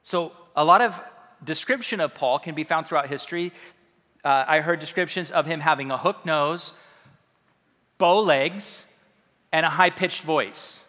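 Bright-voiced male pastor preaching. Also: a little high, unhurried. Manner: conversational and self-deprecating, with humor. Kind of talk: sermon. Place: church hall. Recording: reverberant hall sound.

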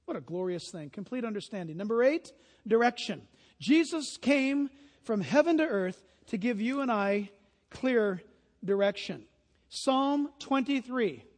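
A man preaching a sermon as pastor, telling stories with lively imitations of honking geese. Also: very high-pitched, a little slow, in a large hall.

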